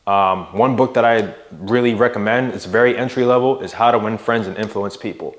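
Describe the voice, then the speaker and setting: A young man with a slightly low voice gives motivational coaching straight to his audience. He talks casually and with energy, raising and dropping his voice to hit key words and tossing in "bro" and "right?". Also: brisk. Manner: emphatic, varies loudness and pitch for emphasis, casual with "bro" and "right?". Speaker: mindset and fitness coach. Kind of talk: motivational monologue to camera.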